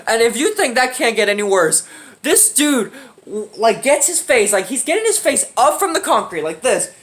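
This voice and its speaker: Young guy telling a crazy story, super lively pitch, laughing, swearing a lot. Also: moderate pace. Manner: animated, laughs often, slangy and profane. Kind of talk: casual anecdote.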